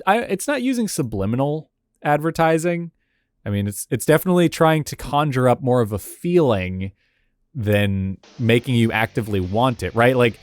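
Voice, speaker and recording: Male host, casual reaction commentary, animated delivery, dry close sound, faint music underneath. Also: mid-range voice, no echo. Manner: casual and thinking aloud, with frequent "like" and "you know"; chuckles between remarks. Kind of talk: reacting to and analyzing retro game ads.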